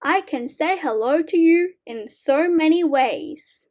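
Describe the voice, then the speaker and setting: Woman teacher, high voice, very slow and clear, reading sight word poems to young kids. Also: lively intonation, a little mellow.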